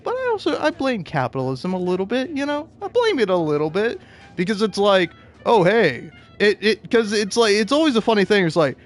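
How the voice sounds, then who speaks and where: A man's voice: high-pitched, sing-song, moderate pace, fairly bright tone, faint music behind. A young man giving casual gameplay commentary, rambling and swearing, often laughing as he rants. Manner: rambling, profane ranting with frequent laughter. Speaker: video game streamer.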